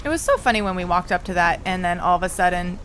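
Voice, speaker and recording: A woman's voice: lowish voice, fast talker, a little hiss or hum. A woman co-hosting a live gaming stream, chatting casually and reading viewer comments aloud. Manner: lively, reads chat comments aloud, laughs easily. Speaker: podcast co-host.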